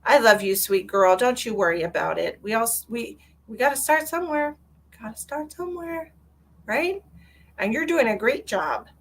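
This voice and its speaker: A woman's voice: a little high, lively intonation, brisk, hardly any pauses. A woman hosting a live psychic reading stream, chatting casually with viewers and calling them by pet names.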